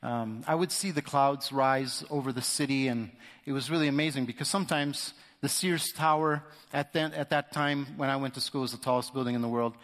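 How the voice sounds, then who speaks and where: A man's voice: mid-range voice, fairly even intonation, a little fast, fairly bright tone. Man preaching in an echoey hall. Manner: vivid storyteller, acts out quoted voices. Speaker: guest speaker sharing testimony. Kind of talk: storytelling sermon testimony.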